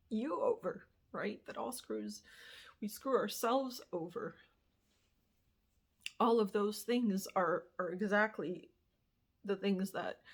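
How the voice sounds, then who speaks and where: A young woman vlogger talking candidly and at length in a personal monologue, rambling and swearing casually as she reflects. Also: medium pitch. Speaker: spiritual vlogger.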